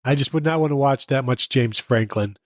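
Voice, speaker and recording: A man's voice: medium pitch, fairly quick, no room sound, clean studio sound. A man hosting a sports podcast in casual chat, easygoing and joking as he moves the segments along.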